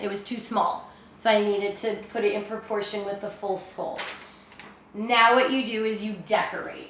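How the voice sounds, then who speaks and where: A woman giving a step-by-step drawing lesson, talking in a relaxed, reassuring way as she draws and thinks aloud. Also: medium pitch, distant mic, slight background noise. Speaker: art teacher. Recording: very echoey room, voice from off-mic.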